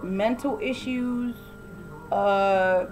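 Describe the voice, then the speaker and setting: A woman's voice: mid-range voice, very slow, faint music behind, rough recording. A woman giving a casual, blunt and opinionated recap of a TV episode, often acting out the quoted lines. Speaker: TV recap vlogger.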